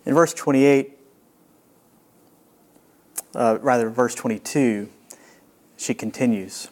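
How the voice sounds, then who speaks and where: A man preaching a sermon as a pastor, earnest and reflective, with long pauses. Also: medium pitch, darkish tone.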